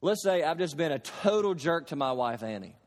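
A pastor from Kentucky preaching a sermon, emphatic, with slow stressed phrases and homely everyday examples. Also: male voice, on the high side, lively intonation, in a large hall.

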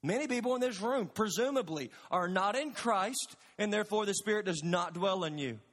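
A pastor preaches from the pulpit in a high, ringing voice. He is earnest and emphatic and presses the congregation with questions. His words carry a long reverb through the large sanctuary. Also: lively intonation, normal speed, a bit bright. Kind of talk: sermon. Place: church sanctuary.

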